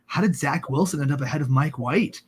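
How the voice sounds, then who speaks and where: A man's voice: on the high side, fairly quick, slightly rough. A man co-hosting a sports podcast, joking and rambling in casual chat with lots of fillers. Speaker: podcast co-host.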